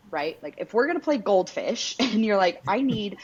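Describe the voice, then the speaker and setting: A woman's voice: mid-range voice, big pitch swings, normal speed, breathy edge. A woman hosting a podcast, talking emphatically and bluntly, swearing and leaning on "like" and "right?". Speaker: podcast host. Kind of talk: casual podcast conversation. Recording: dull lo-fi recording.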